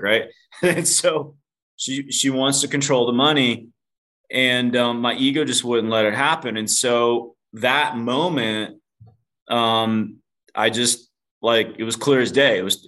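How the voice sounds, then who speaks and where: As a podcast interview guest, a man candidly tells a personal story, poking fun at himself, cursing casually, and calling the host "dude." His voice is medium-pitched and fairly bright, at a normal speed.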